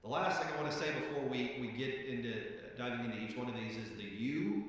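A man's voice: medium pitch, brisk. A male pastor delivers a sermon in a casual, talky manner, leaning on little fillers and repeating key phrases for weight. His voice rings through a large, reverberant church space. It is picked up from well back in the room rather than close on the mic. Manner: relaxed, conversational preaching with frequent "uh" fillers and emphatic repetitions. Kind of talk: sermon with scripture reading. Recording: echoey hall, voice picked up from a distance.

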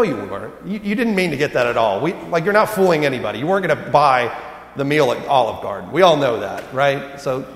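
A man in his thirties preaching a sermon as pastor, telling stories in a relaxed, humorous, conversational way. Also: mid-range voice. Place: church sanctuary. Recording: echoey church hall with long reverb.

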